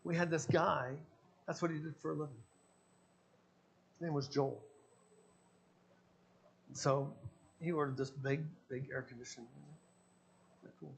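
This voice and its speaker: A man's voice: fairly high pitch, gravelly. A man, a pastor, preaching a sermon and telling personal stories, acting out the dialogue in them. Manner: storytelling, acting out his own quoted dialogue.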